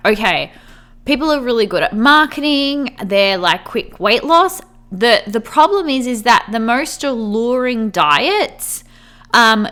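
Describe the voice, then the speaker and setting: A woman's voice: medium pitch, pushed and bright. A woman hosting a podcast in a casual, chatty way, saying "like" a lot and acting out what friends might say. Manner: chatty, fills speech with "like"; acts out imagined friends' voices. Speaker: podcast host.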